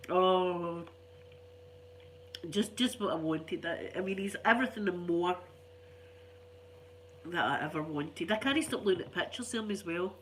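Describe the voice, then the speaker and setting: Here the Scottish ASMR host, an older woman, talks in a lowish voice, unhurried and pausing often. Congested and under the weather, she chats and wanders from topic to topic with frequent laughter, addressing viewers casually over a faint background hum.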